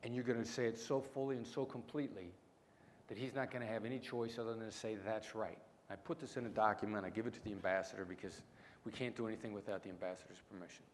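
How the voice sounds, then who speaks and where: Man, Midwestern and New York accent blend, middle-aged, low voice, punchy keynote storytelling, long hall reverb, faint room hum. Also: steady tone. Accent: mix of small-town Midwestern and New York City. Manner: punchy, emphatic storytelling with dramatic pauses. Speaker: keynote speaker, negotiation expert. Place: large lecture hall.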